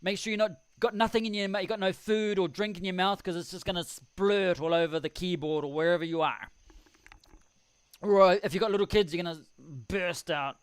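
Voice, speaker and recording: A man's voice: high-pitched, a little fast, clean tone, no echo. A man hosting a casual live stream at home, rambling, chuckling and reading out the chat in a self-deprecating way. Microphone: desk microphone.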